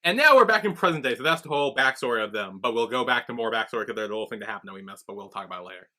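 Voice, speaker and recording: Rapid-fire and mid-range in voice, a man co-hosts a podcast, breezing through episode recaps while acting out the characters' dialogue in an animated style.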